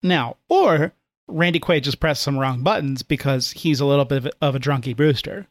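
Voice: mid-range voice, normal speed, no room sound. A podcast co-host chatting casually and enthusiastically, picking apart a film's plot. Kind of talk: casual chat.

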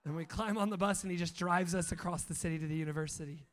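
A man preaching a sermon, telling personal stories in an animated way, acting out quotes and laughing often. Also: fairly high pitch, fast talker.

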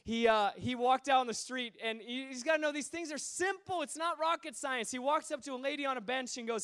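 A man preaches with a high, resonant voice. He tells his stories with animated energy, dropping to near-murmurs and then surging into loud bursts. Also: a little fast, few pauses, clear, resonant tone. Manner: animated, swinging between hushed asides and loud bursts. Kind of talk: sermon storytelling.

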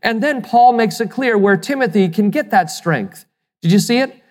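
A pastor delivers a sermon in a middle-pitched voice, pressing points home with rhetorical questions and the odd repeated word. The sound rings with the long reverb of a large hall. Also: animated, normal speed, a little mellow. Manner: emphatic, asks the listeners rhetorical questions; repeats words when restarting.

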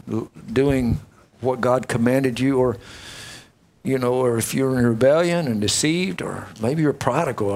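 A man preaching a sermon and leading a closing prayer, talking in a folksy, joking and emotional way. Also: mid-range voice. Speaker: pastor.

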